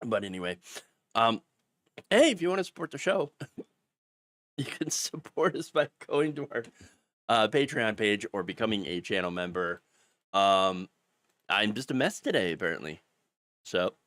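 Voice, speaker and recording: A man's voice: on the low side, very animated, normal speed, long pauses, a bit bright, dry recording. A man hosting a political commentary live stream, with the hiccups, talking casually and restarting sentences often. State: has the hiccups.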